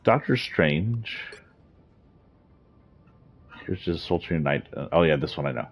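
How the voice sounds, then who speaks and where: Very deep-voiced man reviewing game lore. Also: fast talker, a little hiss or hum. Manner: rambling, with fillers and laughs. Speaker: gaming video host. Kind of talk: casual game story review. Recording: dull lo-fi recording.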